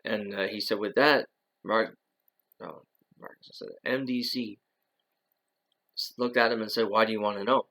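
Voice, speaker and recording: A man with a low, gravelly voice talks on his own in a casual monologue. He rambles, often circling back and restarting his sentences. His talk is loaded with fillers like "uh" and "you know.". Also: fairly even intonation, measured pace, long pauses, sharp tone, poor audio. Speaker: channel host.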